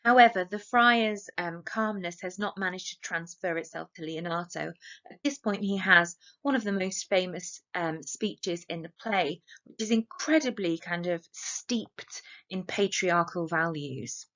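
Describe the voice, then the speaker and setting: A woman's voice: on the low side, measured pace, fairly bright tone. A woman teacher with an English accent, annotating a play for exam revision and reading quoted lines aloud plainly. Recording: slightly dull lo-fi audio.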